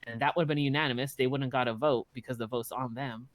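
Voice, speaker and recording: A man's voice: medium pitch, fast talker. Blunt, profane man telling stories. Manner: blunt, profane, animated storytelling. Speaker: roleplay streamer. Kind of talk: casual in-character chat.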